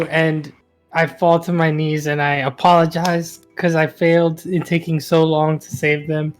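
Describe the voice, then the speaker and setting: Flat-toned man describing his character. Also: fairly high pitch. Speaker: player. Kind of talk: casual tabletop role-play.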